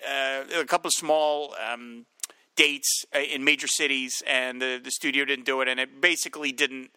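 Male podcast co-host, bright and forward, casual film talk, breaks into high shouted line readings, dry close sound. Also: moderate pace, clear, resonant tone, dry recording. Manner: animated, acts out movie lines in a high shout.

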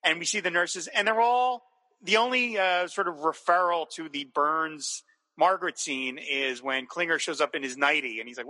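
Man, podcast co-host, enthusiastic rambling chat, very bright sharp voice, slightly high, long echoing reverb. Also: moderate pace. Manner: enthusiastic, rambling with restarts, laughs often. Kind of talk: casual chat recapping a TV episode.

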